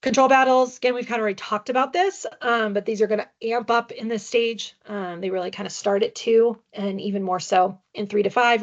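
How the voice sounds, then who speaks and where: A woman presents a parenting webinar with slides, speaking as an adoption parenting educator in a conversational way and frequently adding tag questions. Her voice is medium in pitch, and the audio has its highs cut off.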